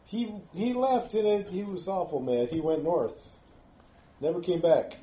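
A man's voice: high voice, very animated, unhurried, mellow, reverberant. A man voicing a frightened young former innkeeper who stammers and pleads.

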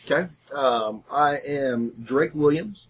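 A man's voice: medium pitch, slow pace. A man playing in a tabletop game, casually describing his character with plenty of hesitation. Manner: relaxed, hesitant with fillers, laughs easily. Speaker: player. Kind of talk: casual chat. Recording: faint background noise.

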